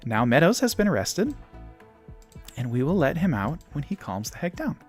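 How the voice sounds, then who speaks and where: Lively man streaming a strategy game. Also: on the high side, moderate pace, slightly rough, faint music behind. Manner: lively, reads game events aloud, playful. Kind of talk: casual gameplay commentary. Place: home.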